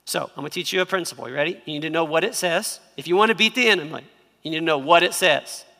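A pastor delivers an emphatic sermon in a bright, sharp voice. His delivery is gravelly with fry and he asks the crowd to repeat after him. The sound rings in a reverberant church hall. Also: on the high side, quick pace.

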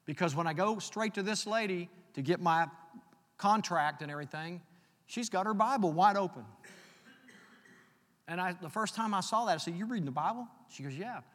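A man preaching a sermon, reading scripture slowly and telling personal stories in a conversational way. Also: high-pitched, fairly bright tone. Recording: long hall reverb.

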